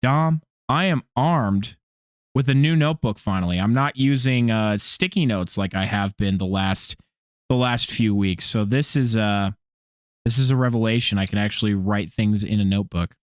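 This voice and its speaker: A man co-hosting a casual hockey podcast, goofy and animated, swearing and restarting sentences. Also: fairly low pitch, normal speed, clean tone, dry recording, studio quality. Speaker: podcast co-host.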